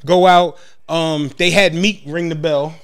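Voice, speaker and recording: A man's voice: fairly high pitch, measured pace, clean tone. A man co-hosting a podcast, telling a story in casual chat with lots of slang and profanity, acting out quotes and laughing often. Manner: animated storyteller, acts out quotes, laughs a lot. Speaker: podcast co-host.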